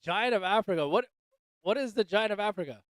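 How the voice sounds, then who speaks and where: A man's voice: high-pitched, lively intonation, brisk, fairly bright tone, no room sound. A man hosting a casual livestream chat, joking loosely and swearing, calling everyone dude and bro. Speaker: livestream host. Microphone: desk microphone.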